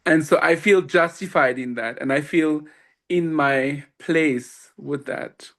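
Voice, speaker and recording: A man with a fairly high voice tells a personal story as a podcast guest. He is lively and laughs often, and he acts out each person's lines. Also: slow. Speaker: guest, swami.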